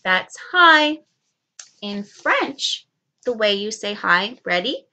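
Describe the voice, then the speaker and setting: Slow, bright-voiced woman teaching small children. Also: mid-range voice, sing-song. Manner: enunciates slowly, prompting kids to repeat. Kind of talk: slow, clear lesson for young children.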